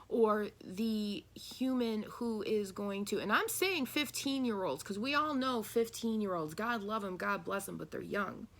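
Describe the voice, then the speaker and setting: A woman's voice: medium pitch, expressive, a little slow, hardly any pauses, fairly bright tone. A woman reading tarot and channeling messages, talking earnestly and asking listeners rhetorical questions. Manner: earnest, rhetorical questions, acts out quoted voices. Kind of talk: spiritual channeling talk.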